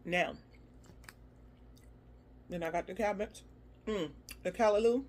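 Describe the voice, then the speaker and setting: Slow and a little mellow, this woman's medium-pitched voice carries a lighthearted food review. She hums and lets out exclamations while tasting, keeping things casual and fun.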